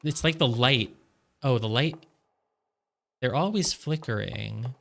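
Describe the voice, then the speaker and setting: A man's voice: mid-range voice, takes it slowly, creaky, fairly bright tone, slight background noise. A man musing aloud over his gameplay. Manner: musing aloud, heavy on "like" fillers. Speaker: gamer playing through a game. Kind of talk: casual let's-play commentary.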